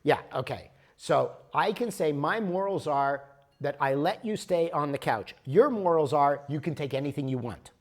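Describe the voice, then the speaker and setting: A man's voice: on the high side, expressive, normal speed. A man leading a workshop, explaining ideas patiently and often checking in with "okay?". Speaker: workshop leader. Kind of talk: workshop teaching. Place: workshop room.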